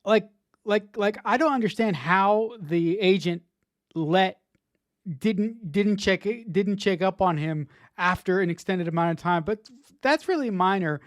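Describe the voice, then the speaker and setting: A man's voice: high voice, unhurried, no echo, studio quality. A man co-hosting a podcast, giving his take on a TV episode in a casual, rambling way, often repeating words as he works out what he means. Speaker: podcast co-host.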